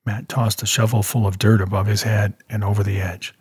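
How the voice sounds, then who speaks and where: A man narrating a story in a steady audiobook style. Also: on the low side, a little fast, few pauses, slightly rough, dry recording, clean studio sound. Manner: steady storytelling, voicing characters.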